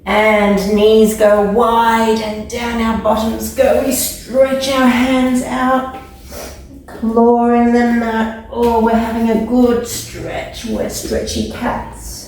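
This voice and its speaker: Brief: woman yoga teacher for kids, higher voice, playful and encouraging, recorded far from the mic. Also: little pitch movement, takes it slowly. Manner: gentle, encouraging, playful instructions. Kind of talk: guided kids yoga class. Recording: echoey room, mic far off.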